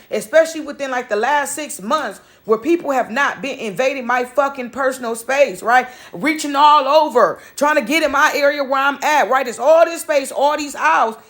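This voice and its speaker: A woman's voice: high-pitched, a bit bright. A woman telling a long story in a casual vlog monologue, swearing a lot, rambling, often retelling her own words and tagging lines with "right?". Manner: profane, rambling, keeps asking "right?". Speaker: vlogger.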